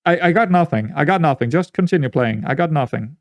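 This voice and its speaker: A man's voice: a little high, expressive, fast, no echo. A man giving rambling, exasperated commentary while playing a management game, often repeating himself. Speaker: gaming YouTuber. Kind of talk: let's-play commentary.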